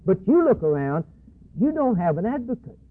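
A man's voice: high-pitched, big pitch swings, moderate pace. A man preaching a fervent, dramatic sermon and acting out the voices of figures. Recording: husky tinny phone-like broadcast.

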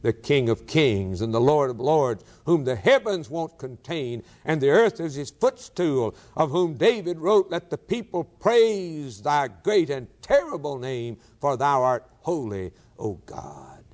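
A man's voice: fairly high pitch, big pitch swings, measured pace, few pauses. Man preaching with dramatic swings. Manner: dramatic preaching with sudden swings from loud to hushed. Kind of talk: sermon.

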